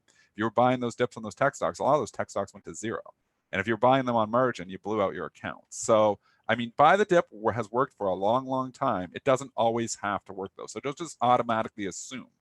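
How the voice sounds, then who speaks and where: A man's voice: on the low side, fairly bright tone, dry recording. A young man co-hosting a live trading talk show, talking candidly and restlessly, often repeating himself. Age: young adult. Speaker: co-host.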